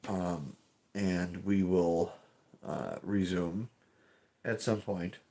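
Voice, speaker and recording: A man's voice: low voice, very slow, creaky, warm tone. A man streaming from home, chatting casually and rambling, swearing often and restarting his sentences. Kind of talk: casual live-stream chat.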